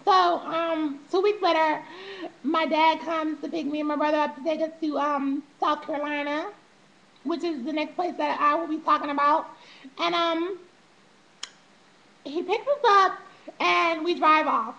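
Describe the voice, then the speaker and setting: High, bright-voiced woman telling her story. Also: a little slow, vocal fry, dull audio. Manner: animated, profane, laughs often, acts out quotes. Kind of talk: casual storytelling vlog.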